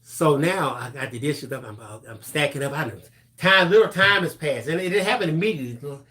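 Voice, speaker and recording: A man's voice: on the high side, brisk. A middle-aged man co-hosting a live crafting stream, telling a story in casual chat and acting out the voices of the people in it. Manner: animated storyteller, acts out voices, laughs through lines.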